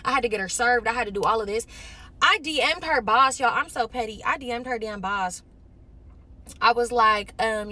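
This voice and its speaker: A young woman from Los Angeles, telling a casual storytime monologue in an animated way, acting out the other people in her story. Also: a little high, fairly quick. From Los Angeles, California.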